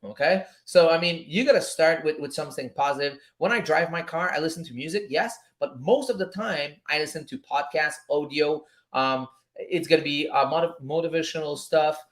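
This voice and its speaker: A man hosting a casual live stream about trading, talking in an animated, repetitive pep-talk way and swearing freely. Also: a little high, moderate pace.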